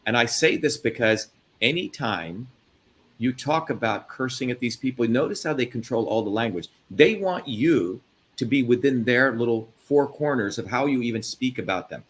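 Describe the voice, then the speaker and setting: A man from India hosting a live interview, talking emphatically and profanely with loud swings of pitch. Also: animated, normal speed. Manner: emphatic, profane, mocking put-on voices. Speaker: host.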